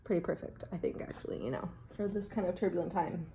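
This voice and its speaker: A woman chatting casually and reflectively in her bathroom while drawing oracle cards, often dropping to a hushed voice. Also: lowish voice, fast talker, slight background noise. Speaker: vlogger reading oracle cards. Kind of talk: casual rambling chat. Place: home bathroom.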